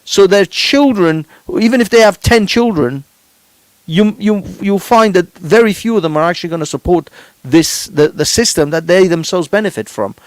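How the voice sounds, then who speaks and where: A man's voice: high voice, moderate pace, dry recording. A male podcast host giving fervent, preachy commentary, swearing and repeating words for emphasis.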